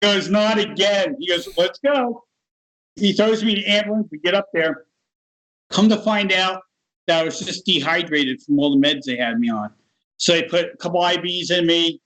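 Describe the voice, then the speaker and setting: A middle-aged man with a fairly high voice tells a personal story in a relaxed, conversational way. He livens it up by acting out the other people's lines in changed voices. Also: brisk, poor audio. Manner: animated, acts out other people's voices in his stories. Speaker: guest. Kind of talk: casual storytelling.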